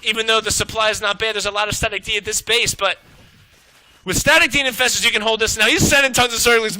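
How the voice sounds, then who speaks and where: Brief: male esports caster, high and very bright voice, excitable, profane play-by-play. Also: dry recording, poor audio. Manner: excitable, swearing, rapid reactions. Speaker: esports shoutcaster. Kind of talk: live play-by-play game commentary.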